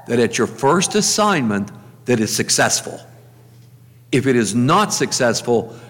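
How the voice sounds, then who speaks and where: An older man, a pastor, telling chatty, joking stories of his life in a farewell talk to his church. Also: medium pitch. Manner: chatty storyteller, jokes and repeats himself. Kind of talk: humorous farewell talk from the pulpit. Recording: long church reverb.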